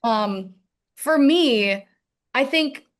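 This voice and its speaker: A woman's voice: high-pitched, lively intonation, very slow. A young adult woman musician in a casual interview, talking in a rambling way with many fillers. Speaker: musician guest.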